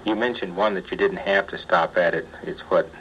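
Deep-voiced man interviewing on old tape. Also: fairly even intonation, brisk. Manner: conversational, leading questions. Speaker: radio interviewer. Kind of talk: radio interview. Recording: muffled archival tape with faint hiss.

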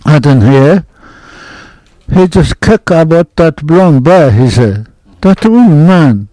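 An older man telling an oral history hunting story in halting, broken English, with many restarts. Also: on the high side, animated, mellow, no echo, low-quality recording. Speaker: interviewee.

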